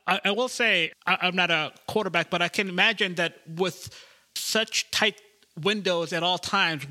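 A man in casual sports chat with a slightly high voice that is very sharp and tense. He keeps chiming in with quick agreements. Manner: frequent short agreeing interjections.

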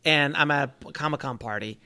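A man hosting a casual podcast, an animated storyteller who swears freely. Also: fairly high pitch, fairly quick.

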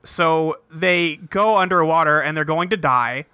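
A man's voice: on the high side, measured pace, pushed and bright, clear, resonant tone, no room sound, studio quality. A young man hosting a casual podcast, recapping a cartoon episode with a rambling, profane, laughing manner. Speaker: podcast host.

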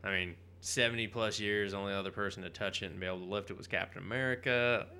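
Gravelly, bright-toned man ranting casually. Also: lowish voice, fairly even intonation, fast. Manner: rambling, profane, jokey, bursts into mock voices. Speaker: podcast co-host. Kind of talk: casual comic book chat.

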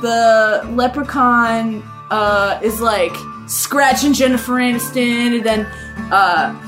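A woman's voice: on the high side, slow pace, a bit bright, faint music behind. An Irish woman co-hosting a podcast, casually recapping a movie in a rambling, profane, laughing way. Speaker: podcast co-host.

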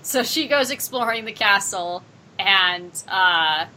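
A woman co-host in a casual movie discussion, her voice bright and forceful at a medium pitch. She recaps the story with energy and drops into playful quoted lines, with a faint rumble in the background. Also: takes it slowly, rough recording. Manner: animated, recaps plot, quotes characters playfully. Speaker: podcast co-host.

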